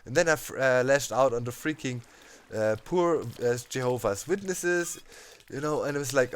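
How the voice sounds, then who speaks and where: A man's voice: mid-range voice, normal speed, clear, resonant tone. A man, a let's play host in his thirties, telling a story over gameplay with lots of laughs and casual fillers. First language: German. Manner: animated, laughing, heavy on fillers like "you know, man".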